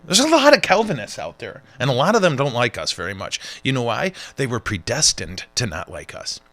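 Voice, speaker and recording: A man, a priest, hosts a casual show, cracking jokes and wandering off on tangents with lively energy. His voice is bright and forward, at a middle pitch. The recording is dry and close. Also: a little fast, no echo. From United States. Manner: joking, rambling, animated. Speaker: priest and podcast host. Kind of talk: casual chat.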